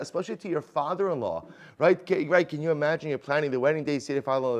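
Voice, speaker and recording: A man teaching a Talmud class as a rabbi, conversational and animated, asking rhetorical questions and mixing in Hebrew and Aramaic terms. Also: a little high, quick pace. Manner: conversational, many rhetorical "right?" questions and restarts; animated, swings loud and quiet for emphasis.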